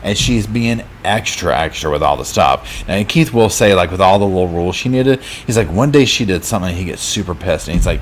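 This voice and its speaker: Man, very low voice, casual true crime livestream host, rambling storyteller, faint background noise. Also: expressive, brisk, few pauses. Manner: casual storytelling, acts out quotes, lots of fillers. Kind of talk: live chat recap of a docuseries.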